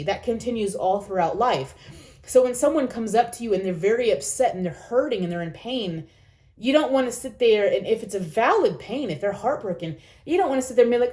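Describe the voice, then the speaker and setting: A woman's voice: medium pitch, darkish tone. A woman talking earnestly to camera, giving encouraging advice and repeating phrases for emphasis. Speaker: vlogger. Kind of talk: reflective personal talk.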